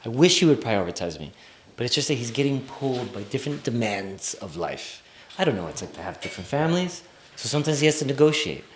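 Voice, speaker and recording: A young man telling a comic personal story live on stage, animated and often laughing as he talks. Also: mid-range voice, fast talker, roomy sound, slight background noise. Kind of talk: live storytelling before an audience. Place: stage before a live audience.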